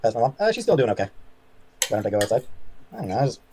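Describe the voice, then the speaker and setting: A man chatting as a livestream guest, answering viewer comments in a halting way with many fillers and trailing off quietly. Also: mid-range voice, very animated, a little hiss or hum. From Canada. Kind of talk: casual chat reading viewer comments.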